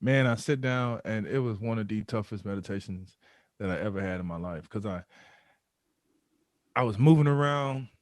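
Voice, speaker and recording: A man's voice: on the low side, moderate pace, long pauses, dry recording, studio quality. Man telling a raw personal story. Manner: animated storyteller, acts out his own inner voice. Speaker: podcast guest. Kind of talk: candid storytelling interview.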